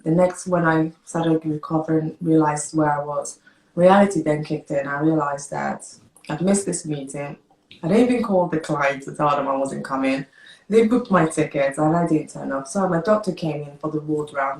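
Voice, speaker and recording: Lowish-voiced woman guest telling her story, emotional and hurried, echoey room. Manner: animated, emotional, speaks hurried and broken. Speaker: interview guest. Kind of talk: personal storytelling in an interview. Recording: roomy echo.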